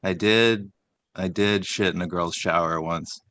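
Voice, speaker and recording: A man co-hosting a casual comedy chat, rambling and deadpan as he reads out a long list of silly names with lots of fillers. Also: low-pitched, a little slow, dry recording. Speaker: comedy podcast co-host.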